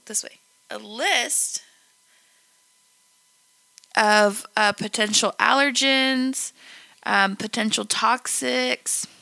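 Young woman podcast cohost, chatty, cusses a bit, bright gravelly voice. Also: a little high, no room sound. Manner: chatty, swears casually. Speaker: podcast co-host. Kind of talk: casual podcast chat.

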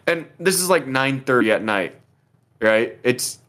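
A man's voice: mid-range voice, expressive, a little slow, fairly bright tone. A young man telling a rambling story in a casual chat. He is laid-back, swears a lot and laughs often. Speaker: podcast co-host telling a story.

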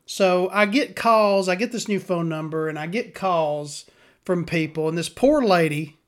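A man's voice: high voice, a little slow. A man, hosting a podcast in a rambling, profane, sardonic monologue. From Southern US. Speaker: podcast host.

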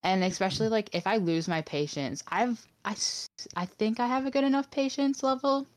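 A woman from Wisconsin co-hosting a casual podcast, complaining in an exasperated, animated way. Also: fairly high pitch, moderate pace. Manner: animated, exasperated, laughing between phrases. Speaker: podcast co-host. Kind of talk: casual chat.

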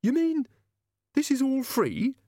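A man doing a shrill, sharp-tongued mother. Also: very animated, measured pace, no echo, studio quality. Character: shrill, thrifty working mother.

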